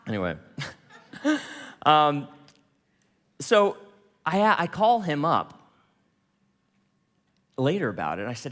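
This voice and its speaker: A man giving a storytelling talk, animated and laughing, quoting people in dialogue. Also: a little high, takes it slowly, pauses often, in a large hall. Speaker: speaker.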